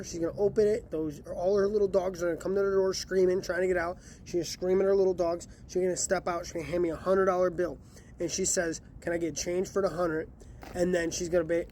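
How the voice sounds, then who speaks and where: A man's voice: sits high, fairly even intonation, fast talker, warm tone, slight background noise. A man casually telling a story about delivering pizza, acting out the lines of the people in it. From Chicago area. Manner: chatty, acts out quotes.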